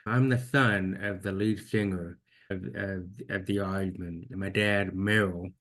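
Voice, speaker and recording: Man with a deaf accent, lowish voice. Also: steady tone, a little slow, fairly bright tone. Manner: earnest, reflective, repeats words when restarting. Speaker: guest. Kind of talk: personal storytelling in an interview.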